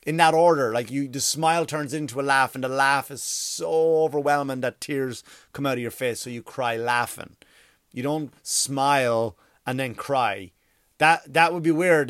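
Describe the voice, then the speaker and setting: A man delivering a profane, mocking comedic rant in a rapid-fire way. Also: on the high side, no echo, clean studio sound. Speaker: commentator.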